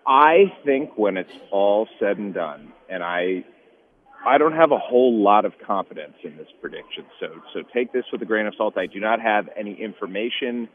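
A man calling in as a guest to a sports radio show, halting and repeating phrases before he makes his point. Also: on the low side, animated. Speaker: guest baseball insider. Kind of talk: sports radio phone interview. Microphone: phone. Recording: tinny phone line with faint hiss.

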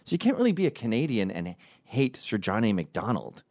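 A man's voice: on the low side, big pitch swings, fairly quick, darkish tone, no room sound. A man ranting comedically as a podcast host, rambling and profane, jumping between tangents. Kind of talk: comedic rant.

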